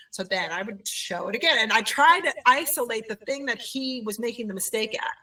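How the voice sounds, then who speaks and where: A woman who owns a childcare center, telling her story in an animated conversational way in an interview. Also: on the high side, brisk, few pauses, far from the mic, low-quality recording. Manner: animated, acts out quoted voices.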